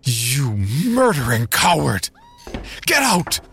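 A man voicing a crippled, one-eyed frontier settler who shouts in outrage at his own family, in a horror story reading. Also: mid-range voice, huge pitch swings, slow, creaky, slight background noise, pitched above the performer's own voice, exaggerated voice. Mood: furious.

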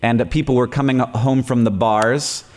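A man's voice: mid-range voice, fairly even intonation, moderate pace, a little mellow, long reverb tail, slight background noise. A man in his forties hosting a live podcast on stage, telling rambling jokey stories and laughing often. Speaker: podcast host. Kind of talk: casual live podcast chat.

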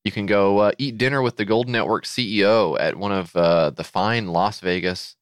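Podcast guy with a really deep voice, dry sound, sarcastic and amazed at everything. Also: moderate pace, dry recording. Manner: sarcastic, incredulous riffing. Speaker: podcast co-host. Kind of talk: casual comedic chat.

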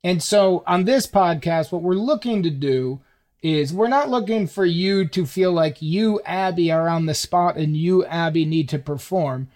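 A man's voice: a little high, unhurried, a little mellow. A man co-hosting a comedy podcast, interviewing a caller in a playful, mock-serious way. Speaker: podcast co-host.

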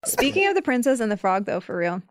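A woman's voice: on the high side, sing-song, fast talker. A woman chatting casually on a podcast, candid and swearing freely. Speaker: podcast guest. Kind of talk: casual chat.

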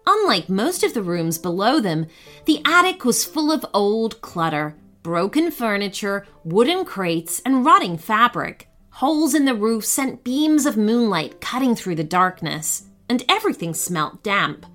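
A woman narrating a children's bedtime story with expressive, animated storytelling. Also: mid-range voice, measured pace, faint music behind.

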